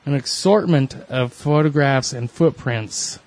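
A man's voice: mid-range voice, a little slow, darkish tone. A man chatting casually with a friend, telling rambling stories in a laid-back way. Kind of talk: casual chat.

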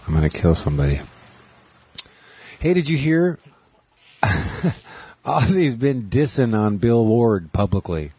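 A man riffing through a loose comedy chat with a husky, slightly rough voice. He jokes easily and keeps the banter moving. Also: medium pitch, very animated, mellow, no echo. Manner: joking, riffing, quick to do voices.

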